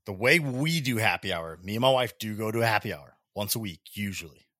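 A man's voice: fairly low pitch, animated, brisk, bright, forceful tone, dry recording, clean studio sound. A man in his thirties co-hosting a casual podcast chat in a laid-back way. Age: 30s. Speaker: podcast co-host.

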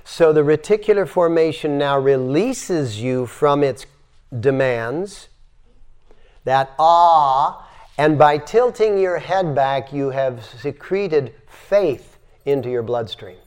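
A man's voice: fairly high pitch, lively intonation, takes it slowly, darkish tone, clean tone. An older man giving a spiritual yoga lecture, demonstrating breath sounds and telling stories with emphasis. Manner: demonstrative, exhales sighing sounds to teach breathing. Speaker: yoga teacher.

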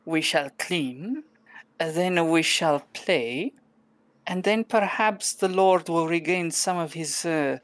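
A woman voicing a calm, commanding grown female cat who speaks in a composed, stately way during a tabletop role-play game. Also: fairly low pitch, takes it slowly, no room sound. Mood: stern, composed.

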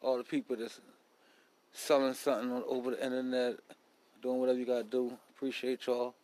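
A man's voice: medium pitch, little pitch movement, fairly quick, darkish tone, low-quality recording. A man hosting a casual solo podcast, talking bluntly in a profane, rambling street style. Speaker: podcast host.

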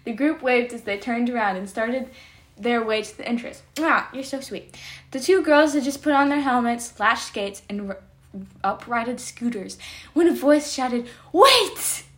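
A hoarse woman hosting a podcast, reading her old stories aloud with giggly, self-mocking asides. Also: on the high side, moderate pace. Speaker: podcast host.

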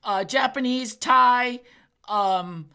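A woman's voice: on the high side, very slow, gravelly, bright, forceful tone, smooth. A woman co-hosting a podcast in casual chat, blunt and profane, often acting out quotes. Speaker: podcast co-host.

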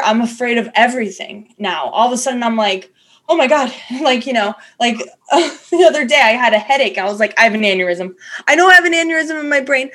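A woman co-hosting a podcast in casual chat, candid and self-deprecating, rambling with restarts and acting out her inner voice. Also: a little high. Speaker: podcast co-host.

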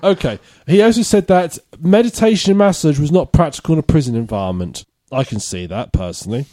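Male podcast host, mellow fairly high voice, dry close sound, reads news with jokey asides. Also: lively intonation, fairly quick, no room sound. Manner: reads out odd news stories with laughing asides. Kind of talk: casual comedy podcast chat.

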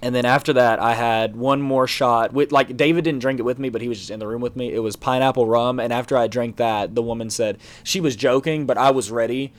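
A man's voice: mid-range voice, steady tone, brisk, few pauses. Man, twenties, podcast co-host, casual storytelling, rambling, lots of fillers, laughs while talking. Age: 20s.

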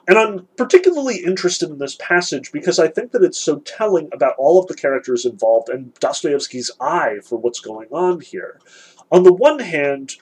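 A man's voice: a little high, a little mellow, husky, poor audio. A man giving an earnest literature lecture, reading passages and analyzing them, emphatic with frequent restarts.

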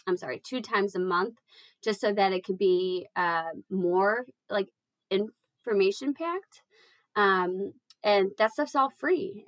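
A young woman fitness coach talks casually on a podcast, upbeat and encouraging, with plenty of "um" and "like". Her pitch sits mid-range and the sound is close and dry. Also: dry recording, low-quality recording. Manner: rambling, filler-heavy, encouraging.

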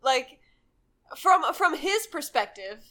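Woman co-host, high and bright, chatty plot recap. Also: sing-song, slow. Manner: recapping the plot with quoted asides. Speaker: podcast co-host. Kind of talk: casual book-club chat.

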